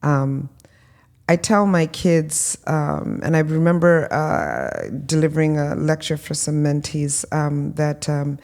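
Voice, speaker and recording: A woman, a guest in an interview, telling lively stories with many ums and restarts and acting out what people said. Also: sits low, slow, gravelly. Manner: animated storyteller, acts out quoted voices. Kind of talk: conversational interview.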